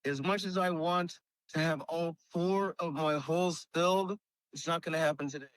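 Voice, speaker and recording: A man's voice: fairly high pitch, steady tone, normal speed, fairly bright tone, clean tone, no echo, poor audio. A man hosting a podcast, telling rambling stories in casual chat with lots of fillers. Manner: rambling storyteller with many fillers. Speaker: podcast host.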